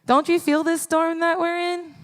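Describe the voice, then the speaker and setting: A woman voicing panicking male disciples caught in a storm, pleading in a shrill outburst, in a church hall with long reverb. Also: level tone, normal speed. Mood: frantic.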